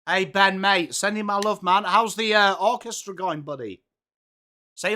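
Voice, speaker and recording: A man hosting a live football watchalong, reacting excitedly and chatting with viewers by name. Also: high voice, a little slow, a little hiss or hum. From England. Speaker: live-stream watchalong host. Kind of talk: live sports reaction and chat.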